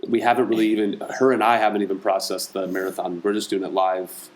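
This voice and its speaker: A man co-hosting a podcast in casual chat, teasing and supportive and quick to laugh. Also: fairly low pitch, flat delivery, poor audio. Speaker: podcast co-host.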